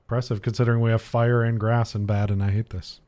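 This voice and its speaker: A man's voice: fairly low pitch, level tone, fast talker, darkish tone. A man co-hosting a casual gaming podcast, laid-back and hesitant, with many ums and restarts. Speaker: podcast co-host.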